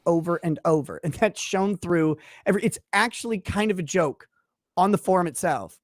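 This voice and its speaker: A man's voice: high-pitched, normal speed, no echo. A man in a played stream clip, talking about someone in a dismissive, condescending, breezy way. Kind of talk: casual stream monologue.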